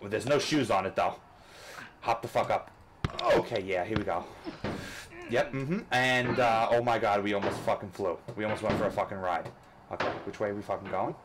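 A man commentating a rage-inducing game, swearing constantly and switching between frustrated outbursts and coaching himself to calm down. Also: fairly low pitch, normal speed, background noise. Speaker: gamer. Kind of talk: let's play commentary.

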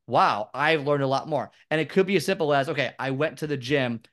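A man's voice: mid-range voice, a little fast, fairly bright tone. A man, a fitness expert chatting as an interview guest, rambling and self-deprecating as he tells stories. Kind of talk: casual interview storytelling.

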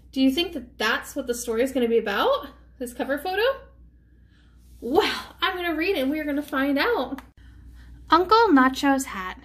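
A woman, a preschool teacher, reading a picture book aloud to children and pausing to ask them questions. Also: sits high. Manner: gentle, asks children questions. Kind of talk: children's story time read-aloud.

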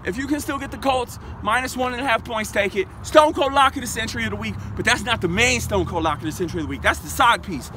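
A man's voice: extremely high pitch, fast talker, few pauses, sharp tone, a little hiss or hum. A young man hosting a comedic sports betting vlog, brash, boastful and profane, recorded outdoors in a parking lot. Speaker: sports picks vlogger.

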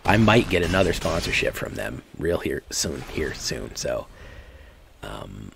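A man's voice: a bass voice, big pitch swings, unhurried, creaky. A man streaming a card game, chatting casually and rambling with lots of fillers and laughs. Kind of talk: casual chat while playing a card game. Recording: faint background noise.

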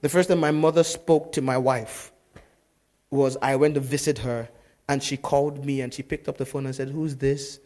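A man preaching a sermon as pastor, telling stories in a lively way that swings from loud to hushed. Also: medium pitch, moderate pace.

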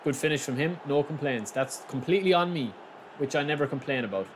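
A man from the giving excitable, frustrated live commentary on a football video game, talking to his viewers as lads. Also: on the high side, brisk, slight background noise. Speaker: gaming YouTuber.

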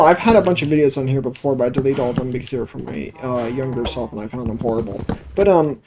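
Talking a little fast in a medium-pitched voice, a man gives let's play commentary on a cheap home mic, wandering off topic and swearing when things bother him. Background noise and background music are audible.

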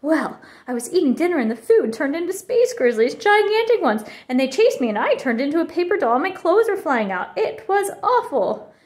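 A bold young boy bear cub voiced by a woman reading a storybook shouts with dramatic flair. His voice swings widely and sits fairly high for a boy. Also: sing-song, fairly quick. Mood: upset.

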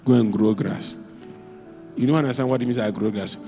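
A man preaching a sermon as a pastor, telling stories with sudden jumps in pitch and loudness. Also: a little fast, in a large hall, soft background music. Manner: animated storytelling, with sudden jumps in pitch and volume. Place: church.

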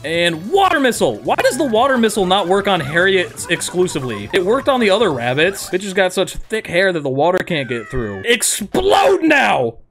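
A young man giving goofy, excitable let's-play commentary, swearing and joking as he plays. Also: sits high, fairly quick, few pauses, faint music behind. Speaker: gaming streamer.

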